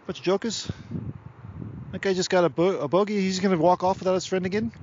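Crude male play-by-play caller, loose Australian accent, a man putting it on, raised and lively. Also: sits high, fast talker, dull audio, slight background noise, pitched above the performer's own voice, lightly acted. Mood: rowdy. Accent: put-on loose Australian. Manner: profane, rowdy play-by-play. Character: crude excitable male sports commentator. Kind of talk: mock sports commentary. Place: outdoors beside a park golf course.

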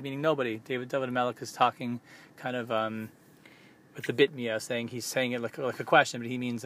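A man hosting a podcast who gives a soft-spoken, unhurried religious teaching in a thoughtful tone. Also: medium pitch, steady tone. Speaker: podcast host.

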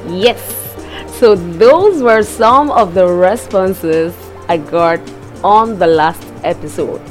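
Slow, relaxed woman hosting a podcast. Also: fairly low pitch, soft background music. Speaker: podcast host. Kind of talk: casual podcast narration.

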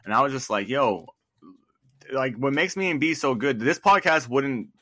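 Dude co-hosting a podcast, swears constantly, rambly, punchy bright tone. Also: male voice, mid-range voice, lively intonation, a little fast, dry recording. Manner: profane, rambling with many "like"s and "dude"s. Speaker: podcast co-host. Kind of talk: casual podcast chat.

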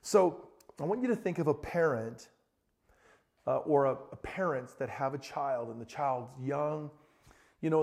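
A middle-aged man preaching a sermon as pastor, telling family stories in an animated way. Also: fairly high pitch. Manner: storytelling, animated, rises to excited shouting in anecdotes.

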